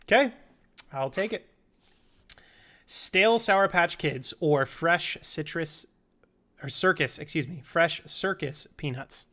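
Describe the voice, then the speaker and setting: Bright-voiced young man quizzing a friend. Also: a little high, slow, pauses often. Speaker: podcast co-host. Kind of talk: casual chat, quick-fire questions.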